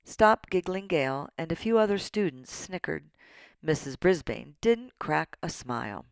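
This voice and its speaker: Low-voiced woman reading a kids story, lots of ups and downs, slow, dry close mic. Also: creaky, no echo. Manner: animated, playful, childlike wonder. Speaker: audiobook narrator. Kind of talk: expressive storybook narration.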